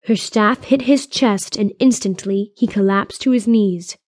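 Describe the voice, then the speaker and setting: A woman narrates a fantasy adventure in a steady, even storytelling voice, pitched at a middle level. The recording is close and dry, with no room sound. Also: a little slow, dry recording. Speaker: audiobook narrator. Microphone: close studio mic.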